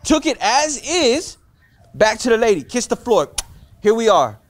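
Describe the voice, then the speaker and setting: A man's voice: extremely high pitch, unhurried. A man telling a rambling story from his childhood in casual slang, acting out the voices of his relatives. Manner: animated, acts out voices of relatives; streetwise slang, loose rambling. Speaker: storyteller in a clip being reacted to.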